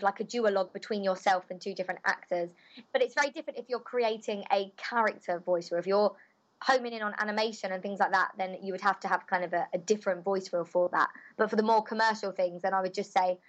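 A young woman talks in a cheerful, bubbly manner. She is a voice actor giving relaxed, chatty answers in an interview. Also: mid-range voice, muffled recording.

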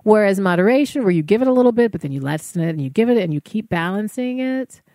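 A woman's voice: mid-range voice, animated, fast talker, mellow, dry recording, clean studio sound. A woman speaking casually to fellow artists, giving encouraging wellness advice with frequent fillers. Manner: conversational, encouraging, many fillers.

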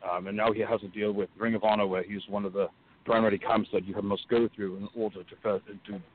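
Fast-talking man on a phone line. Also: fairly low pitch, flat delivery. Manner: earnest, measured storytelling. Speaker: guest wrestler and coach. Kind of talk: phone-in interview. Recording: tinny phone line with hiss.

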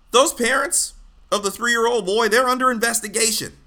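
A man's voice: extremely high pitch, moderate pace, pushed and bright. A man delivering a blunt, exasperated, profane ranting commentary.

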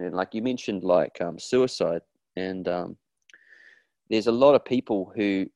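A man talking in a casual interview about his therapy work, earnest and animated, acting out quoted voices with frequent restarts. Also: on the low side, no room sound. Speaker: therapist guest.

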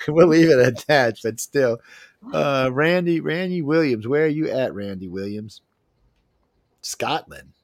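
A man's voice: mid-range voice, expressive, measured pace, no room sound, clean studio sound. A man with a Southern Cajun accent hosting a radio show, chatting in a rambling, joking, folksy way. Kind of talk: casual talk-radio chat.

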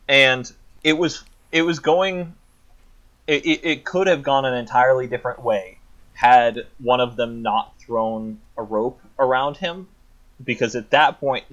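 A man's voice: mid-range voice, a bit bright, dull audio. A man co-hosting a casual chat, thoughtfully retelling a film plot at length.

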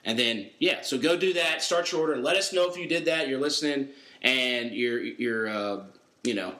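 A man's voice: medium pitch, moderate pace, sharp tone. Jokey man hosting from a roomy basement. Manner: jokey, laughing, rambling asides mid-read. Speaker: podcast host. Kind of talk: casual podcast chat and loose ad read.

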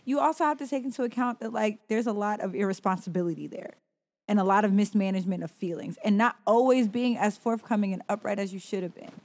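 A woman's voice: mid-range voice, fast, darkish tone, long reverb tail. A woman co-hosting a podcast, pushing back emphatically in casual, profane debate. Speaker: podcast co-host. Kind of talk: casual opinionated chat.

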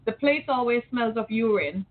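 A middle-aged talk show host from Metro Detroit, Michigan, gives an impassioned opinion monologue full of rhetorical questions. Her voice is on the high side at a normal speed, and the audio sounds tinny, like a phone.

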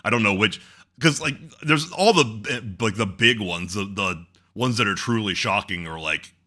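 A man's voice: lowish voice, normal speed, sharp tone. A man co-hosting a podcast in casual, rambling chat, often breaking into laughs. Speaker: podcast co-host.

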